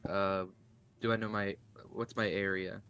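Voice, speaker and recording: A man's voice: on the low side, level tone, unhurried, fairly bright tone, clear, resonant tone, faint music behind. A man playing a tabletop game, casual and hesitant, asking about the rules. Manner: casual, hesitant, asks questions. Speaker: player.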